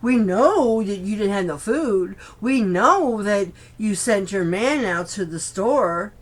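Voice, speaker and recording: A woman's voice: mid-range voice, expressive, takes it slowly. A woman quoting a plainspoken churchgoing woman. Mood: earnest.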